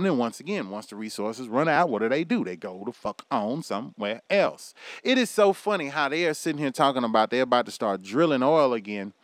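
A man delivering a loud, profane, animated rant to his audience. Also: mid-range voice, no echo. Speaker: commentary vlogger.

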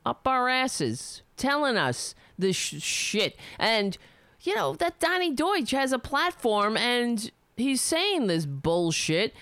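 A woman's voice: fairly high pitch, a bit bright, clean tone, no echo. A woman hosting a live stream, reading a letter aloud and breaking off into heated, profane rants. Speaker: livestream host.

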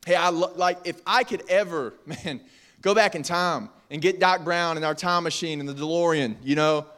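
A young man preaching a casual youth sermon in an animated, jokey, conversational way. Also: on the high side, normal speed. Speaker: youth pastor.

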